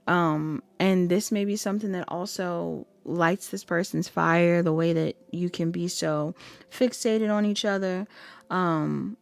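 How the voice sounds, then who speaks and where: A dry recording of a young woman with a mid-range voice and vocal fry. She gives a casual tarot reading, chatty and laughing often, slipping into whiny voices when quoting people.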